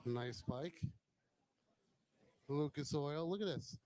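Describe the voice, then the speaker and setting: Male host, slightly high voice, casual admiring walkaround banter. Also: slow, darkish tone, rough recording. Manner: chatty, admiring, joking.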